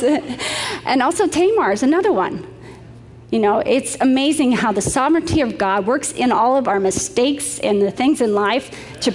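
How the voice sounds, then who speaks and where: A woman's voice: mid-range voice, darkish tone, big-room sound. A middle-aged woman preaching a sermon, telling stories in a chatty way with light laughs.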